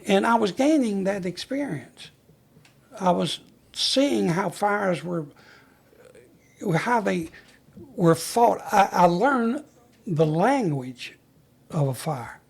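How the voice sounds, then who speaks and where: A man's voice: high-pitched, animated, takes it slowly, vocal fry, pauses often, breathy edge. An older man, a retired fire chief, telling stories in an interview in a folksy way and acting out the voices of the people he recalls. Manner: folksy storyteller who acts out the dialogue he recalls. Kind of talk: storytelling interview.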